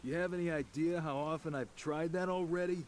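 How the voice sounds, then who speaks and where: An actor playing a gruff, sardonic fisherman in a game, with a put-on accent and a folksy manner. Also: a little high, steady tone, fairly quick, darkish tone, slight background noise, close to an everyday voice. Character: gruff middle-aged male fisherman. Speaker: game character.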